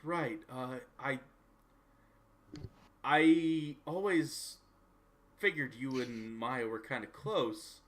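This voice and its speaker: A man voicing an anxious young woman in a tabletop game, halting and trailing off as he speaks. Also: medium pitch, a bit bright, voice pushed up. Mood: uneasy.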